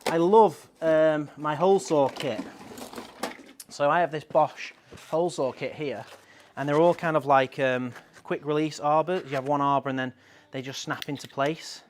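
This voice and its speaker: A man's voice: fairly high pitch, steady tone, normal speed, slight background noise. A man hosting a casual live stream, chatting in a rambling way and reading out viewer comments.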